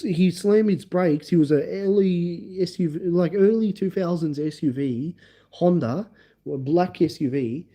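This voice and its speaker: A man hosting a livestream, telling a story in an animated, emphatic way and acting out the scenes. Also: a little high. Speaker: livestream host. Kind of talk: casual storytelling.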